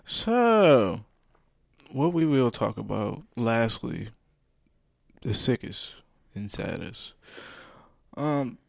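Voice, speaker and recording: A man's voice: mid-range voice, slow, gravelly, pauses often, no echo, studio quality. A young man co-hosting a podcast, talking in a laid-back, rambling way with fillers. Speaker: podcast co-host. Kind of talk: casual podcast chat.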